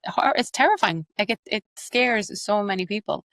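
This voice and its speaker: A woman with an Irish accent, an accent coach and actress, explaining her methods quickly and animatedly in an interview. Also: medium pitch, no room sound. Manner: fast, animated, explains with examples.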